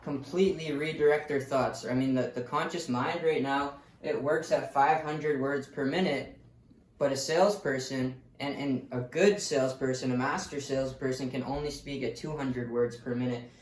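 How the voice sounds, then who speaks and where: A man's voice: mid-range voice, fairly even intonation, normal speed. A man giving a casual, blunt sales lesson who swears freely and tells stories from his own calls. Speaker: sales coach. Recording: roomy, distant mic, faint noise.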